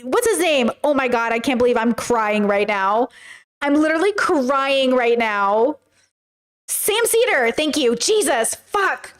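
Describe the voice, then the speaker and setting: A woman hosting a casual commentary stream, her voice sitting a little high for a woman. She talks in an emphatic, slangy way and addresses her chat directly, circling back and restating her points.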